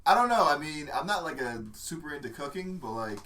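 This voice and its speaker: A man co-hosting a podcast, chatting excitedly and mimicking people as he tells stories. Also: fairly high pitch, a little fast, recorded from a distance, a little hiss or hum. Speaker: podcast co-host. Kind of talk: casual chat.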